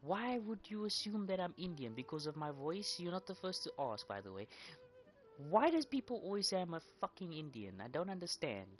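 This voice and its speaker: A woman gives casual gaming commentary in a fairly low voice, speaking fairly quickly with big pitch swings. She jokes with profanity, rants at the characters in mock outrage, and rambles, repeating words.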